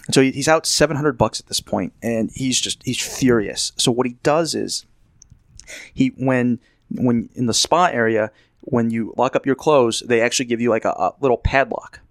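A man in casual conversation spins a meandering story, slipping into quoted voices of the people in it. His voice sits at a middling pitch and is recorded close and dry. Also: moderate pace, dry recording. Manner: rambling storyteller, acts out quotes. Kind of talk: casual anecdote. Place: Las Vegas.

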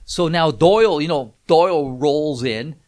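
A middle-aged man, a guest on a show, telling a rambling story with many restarts and getting loud when excited. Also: a little high, measured pace. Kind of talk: casual anecdote telling.

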